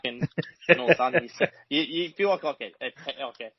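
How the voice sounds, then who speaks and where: A man's voice: mid-range voice, rapid-fire. An Australian man, a mechanic, chatting casually as a podcast guest, rambling and swearing freely. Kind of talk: casual chat. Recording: dry, slightly dull podcast audio.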